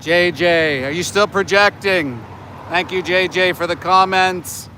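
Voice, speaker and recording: A man's voice: high-pitched, unhurried, pushed and bright, a little hiss or hum. A man in his forties livestreaming outdoors as an activist, talking back to his chat with scolding sarcasm. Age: 40s. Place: outdoors near a slaughterhouse by homes.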